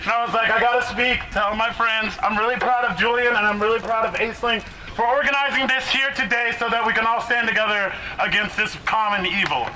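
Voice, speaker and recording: Out-of-breath man, high voice, impassioned rally speech outdoors, heavy background noise. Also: fairly even intonation, brisk. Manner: earnest, repetitive, shouts to the crowd. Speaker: rally speaker.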